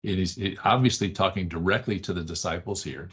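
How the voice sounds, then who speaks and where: Husky-voiced man teaching a Bible class. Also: sits low, brisk, a bit bright. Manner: conversational, keeps asking the class "right?"; emphatic repetition of short phrases. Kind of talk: Bible study lesson. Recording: dull lo-fi classroom recording.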